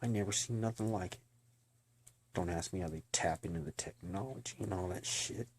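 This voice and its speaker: Husky low-voiced man giving testimony. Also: a little fast. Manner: earnest, blunt, and slangy, addressing listeners directly. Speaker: person giving a religious testimony. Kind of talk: emotional personal testimony to camera.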